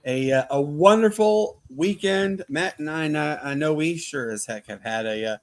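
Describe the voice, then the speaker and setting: A man co-hosting a casual sports podcast, loose and excitable, full of fillers and restarts. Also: a little high, moderate pace. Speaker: podcast co-host.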